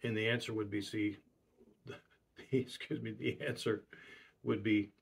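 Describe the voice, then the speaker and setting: A man's voice: on the low side, level tone, a little slow, gravelly, long pauses, husky. A man preaching a sermon, stressing his points by repeating key phrases.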